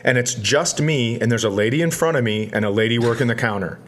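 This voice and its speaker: A man co-hosting a podcast, telling a rambling comic story with self-mocking asides and deadpan punchlines. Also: mid-range voice, fast talker.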